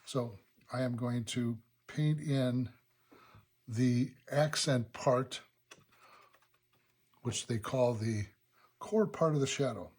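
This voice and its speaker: A man teaching watercolor, talking calmly through each brushstroke of a painting demonstration and thinking aloud as he works. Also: mid-range voice, slow pace, long pauses, husky. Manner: relaxed, thinking aloud step by step. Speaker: watercolor instructor. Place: painting studio.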